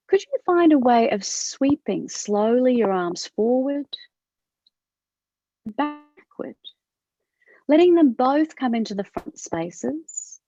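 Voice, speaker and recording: A woman with an Australian accent teaching a movement class over a video call, asking gentle questions with a rising lilt. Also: fairly high pitch. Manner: gentle questioning, upward inflection. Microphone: video call from her computer. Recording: dull lo-fi video call audio.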